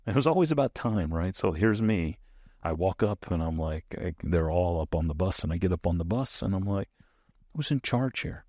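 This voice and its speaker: This low-pitched American man talks fairly quickly. He's a middle-aged former soldier sharing stories in a relaxed interview and acting out what people said, captured in a dry, studio-quality recording.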